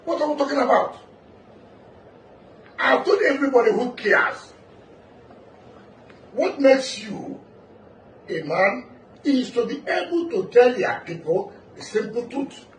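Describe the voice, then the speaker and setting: A high-voiced man declaims at a political speech, forceful and insistent. He is picked up from a distance in an echoey room. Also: very animated, slow pace, pauses often, a little hiss or hum. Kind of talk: public speech.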